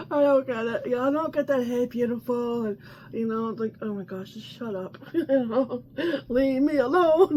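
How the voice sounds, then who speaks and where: A woman's voice: high voice, a little hiss or hum. A woman hosting a casual coffee chat, talking in a chatty, exasperated way with many restarts and frequent laughter. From Canada. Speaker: vlog host.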